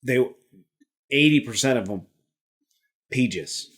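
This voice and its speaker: A man's voice: mid-range voice, slow, fairly bright tone, breathy edge. A middle-aged man, a retired Army helicopter pilot, chatting casually as a podcast guest, often restarting his sentences and laughing easily. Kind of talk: casual conversation.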